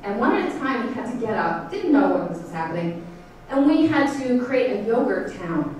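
A woman in her thirties doing a stand-up set in a comedy theater, talking in an animated way and jumping into high, shouty bits. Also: fairly quick, noisy background. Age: 30s. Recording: roomy, distant stage sound with crowd. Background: audience laughter.

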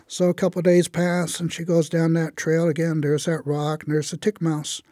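A man telling a traditional tale in a relaxed, conversational way with frequent fillers. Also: a little high, normal speed, few pauses, dry recording, studio quality. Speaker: storyteller. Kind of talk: oral storytelling of a traditional tale.

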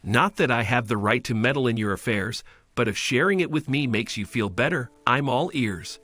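A man reading as a gentle, courteous homeless man. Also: mid-range voice, animated, moderate pace. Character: kind, polite homeless man, adult.

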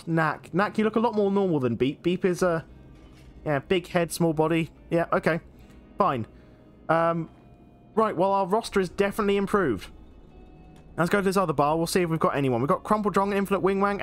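A man gives chatty, excitable commentary over a video game, with plenty of fillers as he goes. His voice sits fairly high for a man. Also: moderate pace, long pauses, soft background music. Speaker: gaming channel host. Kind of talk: let's play commentary.

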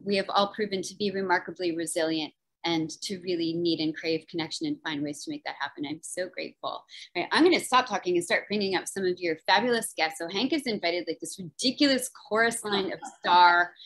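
A woman's voice: fairly low pitch, fairly bright tone, low-quality recording. Chatty woman moderating a virtual book event. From New Jersey. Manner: chatty and enthusiastic, lots of fillers. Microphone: video call.

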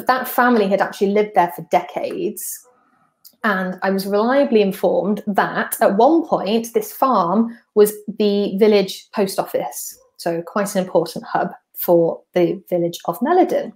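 A chatty woman from North Wales hosts a podcast, talking through a walkthrough at mid pitch. She explains things step by step in an easygoing, conversational way. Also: darkish tone. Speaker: podcast host. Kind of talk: casual explanatory walkthrough of slides.

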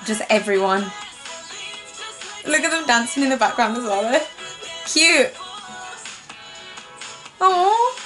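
A young woman, gushing and rambling excitedly as she reacts on camera. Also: on the high side, normal speed, pauses often. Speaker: reaction video host. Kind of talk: casual reaction commentary. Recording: faint music in the background. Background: music playing faintly.

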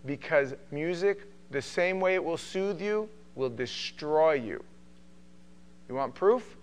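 A middle-aged man from New York with a New York accent, teaching a Bible study in a joking, animated way. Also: a little high, slow pace. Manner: joking, animated, does mocking voices. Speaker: pastor.

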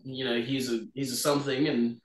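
A man's voice: medium pitch, level tone, a little fast. A man, a band member being interviewed, talking in a laid-back way and explaining at length. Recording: roomy, off-mic.

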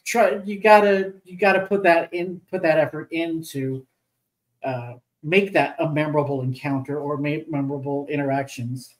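A guest on a casual panel discussion, giving advice haltingly with many fillers. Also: medium pitch, fairly even intonation, rough recording.

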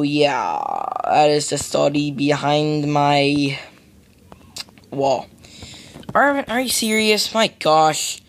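A young American man rambling through casual gameplay commentary, goofy and full of silly "boop" sound effects. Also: on the high side. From United States. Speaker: gamer.

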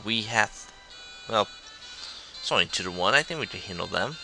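A man's voice: on the low side, animated, moderate pace, creaky, pauses often, over music, low-quality recording. A man giving casual, jokey commentary on a video game, reading the dialogue aloud in goofy voices. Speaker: let's play host.

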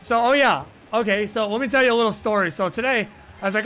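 A man with a high, bright voice hosts a gaming stream from his home desk, speaking close to a boom-arm mic as faint game music plays. He talks fast with few pauses, rambling, swearing freely, and filling his speech with "like."

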